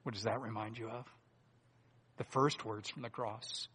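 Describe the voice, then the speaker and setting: A man's voice: on the low side, fairly even intonation, breathy edge. Earnest preacher man in a reverberant hall. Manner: deliberate and earnest, swings between loud emphasis and hushed asides. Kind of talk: sermon.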